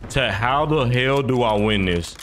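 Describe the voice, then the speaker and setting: A man's voice: medium pitch, a little slow, soft background music. A man streaming a video game, giving casual, exasperated commentary and talking to his chat. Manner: animated, exasperated, addresses chat. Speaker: gaming streamer.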